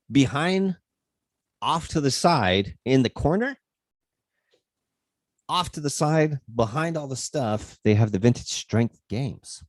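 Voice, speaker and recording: A man's voice: mid-range voice, no echo, clean studio sound. A man hosting a fitness livestream, telling a rambling story in a casual way and swearing freely.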